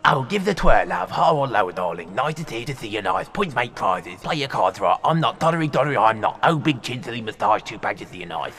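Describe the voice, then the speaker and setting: A man's voice: big pitch swings, a little fast, hardly any pauses, fairly bright tone, slight background noise. A man doing a swooping catchphrase jester. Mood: mugging. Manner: wild swings from high to low catchphrases.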